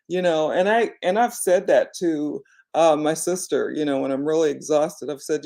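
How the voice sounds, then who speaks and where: A woman with a low, dark voice speaks at a moderate pace with few pauses. She's an online business coach chatting casually and reflectively to her viewers, encouraging them directly and using lots of "you know" fillers.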